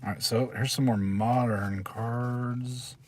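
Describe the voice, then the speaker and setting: A man's voice: medium pitch, steady tone, slow pace, a little mellow. A middle-aged man hosting a casual live stream from his parked car, chatting and rambling as he reads out names. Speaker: channel host.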